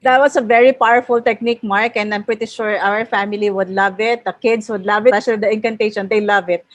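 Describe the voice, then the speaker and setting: A woman's voice: medium pitch, steady tone, fast talker, dry recording, muffled recording. A woman hosting an interview, cheerfully repeating affirmations after her guest. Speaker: host.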